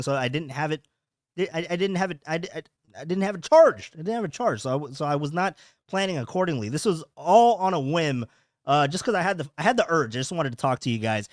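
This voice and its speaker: In a fairly high-pitched voice, a young man runs a casual podcast livestream on his home setup, rambling, repeating himself and voicing chat comments aloud. The recording is dry and studio quality.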